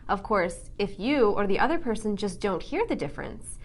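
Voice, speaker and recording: In a scripted English pronunciation lesson, a woman reads example sentences slowly, enunciating each one with care. Her pitch is medium and her delivery has a sing-song lilt.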